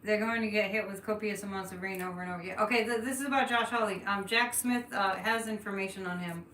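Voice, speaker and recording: A woman's voice: medium pitch, fast talker, fairly bright tone. A woman from the Boston area with a light Boston accent, reading cards on a live stream and chatting with viewers, laughing often and thinking aloud. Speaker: psychic reading cards on a livestream. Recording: echoey room, distant mic, faint noise.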